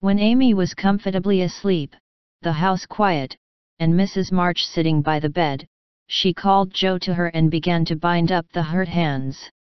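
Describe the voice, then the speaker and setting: Smooth low-voiced woman narrating a classic. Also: fairly even intonation, moderate pace, no echo, highs cut off. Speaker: audiobook narrator. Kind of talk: scripted storybook narration.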